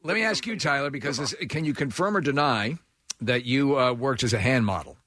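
A male radio host with a bright, forward tone asks his guests questions. His pitch jumps around with enthusiasm, and the close studio mic keeps the sound dry. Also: a little fast, no echo. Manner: lively, laughing interviewer. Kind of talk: casual radio interview.

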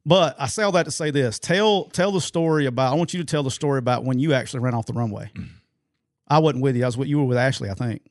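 A man's voice: mid-range voice, fast talker, no room sound, studio quality. A middle-aged man co-hosting a sports podcast, telling stories in a loose, rambling way full of fillers and restarts. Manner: rambling anecdotal storyteller, many fillers and restarts. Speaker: podcast co-host. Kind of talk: casual sports podcast storytelling.

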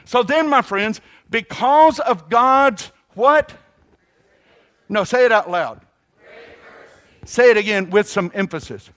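A man preaching a sermon in a notably high voice. He is emphatic, stretching out key words and calling on listeners to say phrases back. He often restarts his sentences mid-thought. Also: expressive, fairly bright tone. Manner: emphatic, calls congregation to repeat phrases; halting restarts, drawn-out emphasis. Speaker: pastor.

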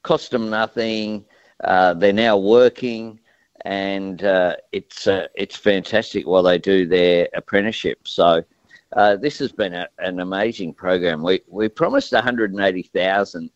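An Australian man giving a radio interview in a measured way, with many pauses and fillers. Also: low voice, no echo, highs cut off. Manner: measured, frequent uh fillers and restarts. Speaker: political guest.

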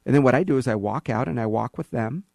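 In a clean, dry studio recording, a man from California hosts a talk radio show, speaking fast in a creaky, mid-range voice. His opinionated monologue is animated and sarcastic, and he performs bits of dialogue using other voices.

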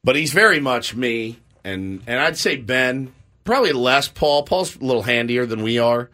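A middle-aged man co-hosting a morning radio show, telling stories with lively put-on voices. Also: medium pitch, normal speed. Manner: animated storyteller, acts out voices in his stories. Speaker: sports radio co-host. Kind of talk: casual morning-show banter.

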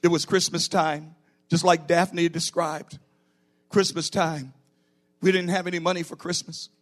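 A man's voice: a little high, level tone, unhurried. A middle-aged man preaching a sermon in a church as pastor, building to emphatic bursts.

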